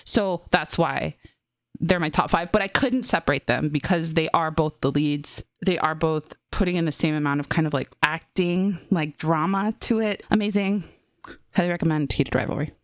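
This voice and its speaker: A woman co-hosting a review podcast, talking in an animated, gushing way that keeps breaking off into laughs. Her voice sits a little low, recorded close and dry with no room sound. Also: moderate pace, dry recording. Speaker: podcast co-host reviewing films and TV. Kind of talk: casual chat.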